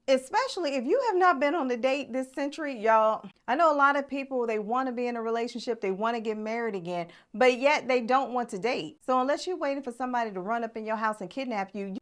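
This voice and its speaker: A middle-aged woman relationship coach giving blunt, emphatic advice to viewers in a motivational vlog, calling them "y'all" with folksy humor. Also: fairly high pitch.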